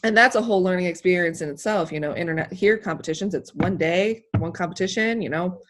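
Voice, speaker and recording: A woman from the United States, an athlete telling her story as an interview guest, emotional and animated, rambling with many fillers. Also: on the low side, fast talker. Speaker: interview guest, hammer thrower.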